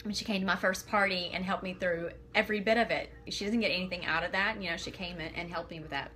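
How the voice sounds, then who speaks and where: Bright-voiced woman, earnest and rambling. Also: fairly low pitch, fairly even intonation, quick pace, slight background noise. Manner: earnest, emotional, rambling with fillers. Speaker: makeup seller on a live video. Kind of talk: casual live-stream talk. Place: home.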